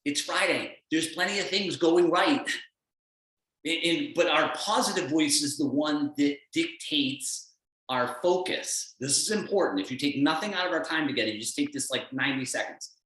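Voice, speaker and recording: A man's voice: a little high, animated, moderate pace, a bit bright, distant mic. A man coaching with blunt, emphatic energy, pushing his listeners hard. His voice rings around a very echoey room. He sits well back from the microphone. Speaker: performance coach. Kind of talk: motivational talk on a call.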